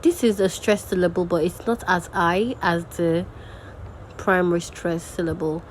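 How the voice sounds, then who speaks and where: Slow, patient woman teaching. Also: lowish voice, slight background noise, low-quality recording. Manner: slow, patient, repeats example words aloud. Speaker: diction and grammar tutor. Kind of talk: recorded teaching lesson.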